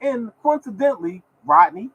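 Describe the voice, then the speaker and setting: A man's voice: high-pitched, expressive, normal speed, a bit bright, breathy edge, highs cut off. A man hosting his own lottery podcast, talking in a repetitive, preachy way and scolding his listeners. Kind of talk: casual podcast rant.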